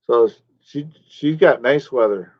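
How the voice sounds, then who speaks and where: A man's voice: mid-range voice, unhurried, no echo. A man live streaming, chatting casually and rambling while he answers his chat viewers by name. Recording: dull lo-fi stream audio.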